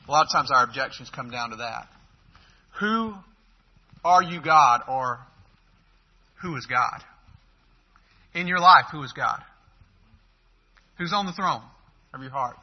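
A man's voice: mid-range voice, animated, unhurried, pauses often. Emphatic preacher, man, lo-fi recording. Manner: emphatic, swings between loud and soft. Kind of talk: sermon. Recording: dull lo-fi recording.

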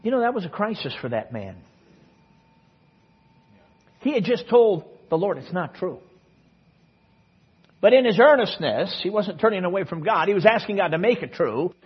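A man preaching a sermon, telling a story with sudden swings between soft and loud passages, in front of a congregation. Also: high voice, big pitch swings, moderate pace, slightly rough, muffled recording. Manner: storytelling with dramatic swings in loudness and pace. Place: church service.

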